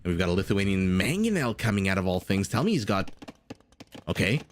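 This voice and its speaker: Low-voiced male game caster, chatty and quick to laugh, faint hiss behind. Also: sing-song. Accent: non-standard English accent (hear 'dollar' rounded). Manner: chatty, laughs often, reads chat aloud. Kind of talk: live game commentary with chat banter.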